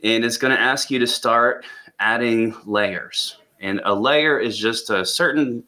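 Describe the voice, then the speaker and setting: A man's voice: mid-range voice, unhurried, pushed and bright. A man co-hosting an education-tech podcast, talking about tools in an eager, enthusiastic way with many repeated words. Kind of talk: casual podcast chat.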